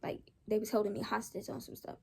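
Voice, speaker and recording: A woman's voice: medium pitch, fast, gravelly, husky. A young woman casually telling a storytime, rambling along with slang and lots of restarts. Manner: rambling, animated retelling with slang.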